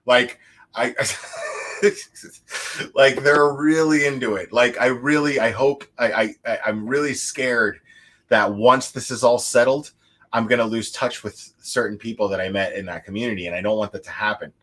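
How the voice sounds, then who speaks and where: A man's voice: mid-range voice, normal speed, a bit bright. A man hosting a livestream, chatting casually and a little tipsy, rambling with lots of restarts, laughs and swearing. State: tipsy from drinking. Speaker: livestream host.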